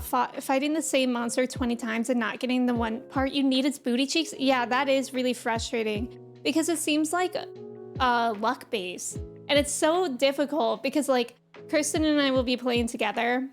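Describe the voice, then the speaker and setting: Woman streamer, high voice, chatty and rambling, casual live chat, faint music behind. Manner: chatty and rambling, greets viewers, many "like" fillers.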